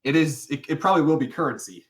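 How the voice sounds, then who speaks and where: A man's voice: fairly high pitch, expressive, fast talker, fairly bright tone. A young man co-hosting a casual podcast, rambling and restarting, often laughing as he talks. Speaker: podcast co-host. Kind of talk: casual chat.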